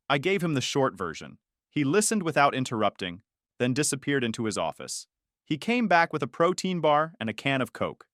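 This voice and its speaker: A young man narrating a first-person story in an even, reflective way. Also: mid-range voice, a little fast, no echo, studio quality.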